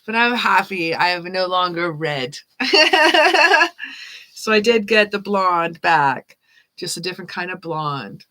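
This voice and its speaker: A woman hosting a live-stream tarot reading, chatting casually and warmly with her viewers and laughing often. She talks at an unhurried, slow pace. Her voice has a bright, forceful edge. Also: on the low side, sing-song. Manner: chatty, reads chat names aloud, laughs often. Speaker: tarot reader.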